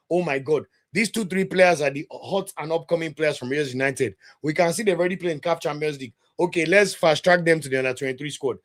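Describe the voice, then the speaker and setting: A football podcast host in full rant mode, his voice sitting noticeably high for a man. He talks straight to his live chat with blunt, heated conviction and a preacher-like rhythm. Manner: passionate, blunt, addresses chat directly; sermon-like delivery. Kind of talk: live watch-along commentary and rant.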